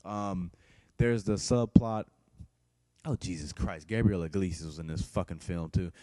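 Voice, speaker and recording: A man talks through a movie review in a loose, rambling way, swearing freely and restarting his sentences. His voice is dark and mellow. The recording is dry and close, with no room sound. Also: sits low, a little slow, no room sound. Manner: profane, blunt, rambling with many restarts. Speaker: film reviewer. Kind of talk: casual spoken movie review.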